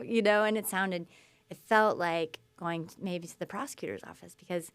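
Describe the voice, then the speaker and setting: A woman guest telling her story in conversation, lively and acting out quoted speech. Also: fairly low pitch, moderate pace, smooth. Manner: animated, acts out quoted speech.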